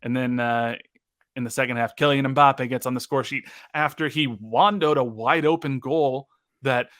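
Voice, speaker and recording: A man's voice: medium pitch, steady tone, fairly bright tone, no echo. Young guy cohosting a soccer podcast, runs through the game play by play, dry close sound. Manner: recaps matches play by play with quick asides. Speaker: co-host. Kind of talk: casual sports podcast chat.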